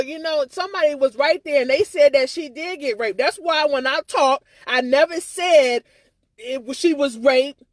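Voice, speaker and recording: A high-voiced woman goes on a casual, agitated live-stream rant, rambling, circling back to the same things, and swearing without restraint. She stumbles and stammers as she restarts, recorded with no room sound.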